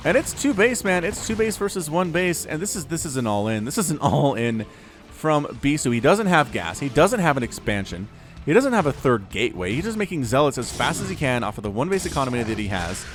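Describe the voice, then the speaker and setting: Man, game commentary, animated, pitch jumping around, soft music under. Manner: animated, quick bursts of excitement and asides. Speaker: StarCraft caster.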